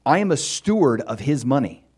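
A man's voice: mid-range voice, big pitch swings, normal speed, darkish tone, slightly rough. A male pastor preaching a sermon in a conversational, storytelling way.

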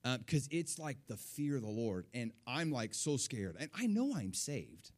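A man telling a personal faith testimony in a casual storytelling way, moving between hushed quotes and excited outbursts. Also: mid-range voice, a little slow. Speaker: speaker sharing a testimony.

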